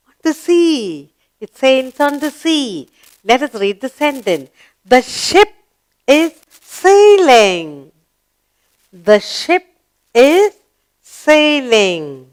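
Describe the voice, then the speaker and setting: A woman teaching a slow grammar lesson to young children, singsong and encouraging, asking questions and answering them herself. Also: medium pitch, fairly bright tone. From India.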